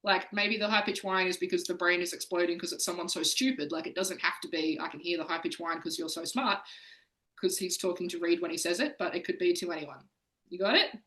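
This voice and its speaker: A woman hosting an online games night, chatty and excitable. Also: fairly low pitch, fast, low-quality recording. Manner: excitable, chatty, laughs often. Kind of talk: casual hosting.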